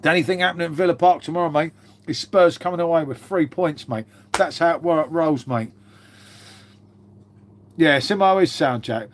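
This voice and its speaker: A man's voice: on the high side, normal speed, slight background noise. A man chatting casually on a live stream, swearing freely and calling his viewers mate.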